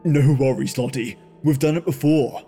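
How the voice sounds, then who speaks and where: A man voicing an easygoing, unbothered young man who speaks slowly and relaxed. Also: mid-range voice, faint music behind, lightly acted. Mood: laid-back.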